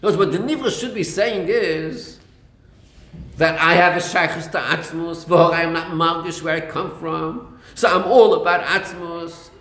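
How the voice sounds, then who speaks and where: A man's voice: fairly high pitch, normal speed, fairly bright tone. A man teaching a text study lecture on a Chassidic discourse. He searches for words, repeats himself and uses many Yiddish and Hebrew terms. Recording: echoey room.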